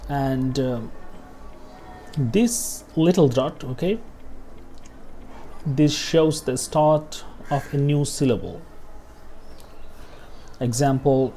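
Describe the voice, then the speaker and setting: Man, pronunciation teacher, warm and mellow tone, repeats example words, keeps asking "okay?". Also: medium pitch, takes it slowly, pauses often, a little hiss or hum. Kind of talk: screen-share lesson walkthrough.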